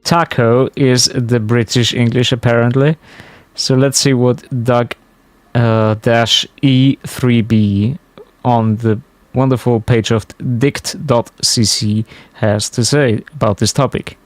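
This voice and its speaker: A man's voice: mid-range voice, fairly even intonation, slow pace, no echo. A man chatting casually to his stream viewers while playing, musing aloud as he goes. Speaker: game streamer. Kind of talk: casual live-stream commentary.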